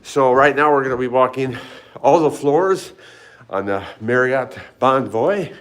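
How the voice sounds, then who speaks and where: A man's voice: mid-range voice, unhurried, a bit bright. An older man casually chatting with live viewers as he walks hotel hallways and stairwells, a little out of breath, greeting people by name. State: slightly out of breath from climbing stairs. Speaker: fitness vlogger. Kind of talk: casual live-stream walk vlog.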